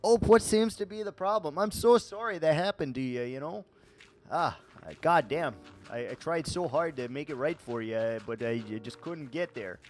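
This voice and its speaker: A man putting on a loud, overly apologetic folksy Midwestern man, with a Midwestern accent. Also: fairly high pitch, normal speed, faint music behind, lightly acted. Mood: gushing apology. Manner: loud, gushing, exaggerated sorry.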